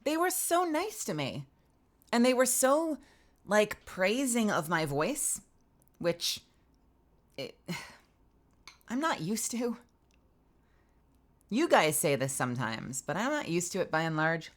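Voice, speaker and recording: A woman voice actor streaming from her home booth, telling a story in an animated way and acting out both sides of the conversation. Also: medium pitch, slow, long pauses. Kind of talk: casual stream chat.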